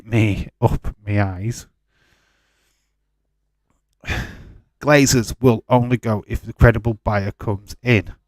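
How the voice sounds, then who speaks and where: Male stream host, 40s, defensive, addresses chatters by name, low voice, dry sound. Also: no echo. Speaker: livestream host. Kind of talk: casual watch-along chat, answering live chat.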